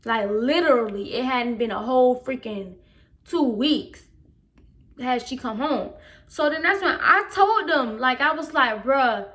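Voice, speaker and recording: A woman's voice: high-pitched, a little slow. A woman telling a personal story in a casual storytime vlog, slangy and emphatic, and she replays what she said back then. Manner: animated, replays her own past remarks in quotes.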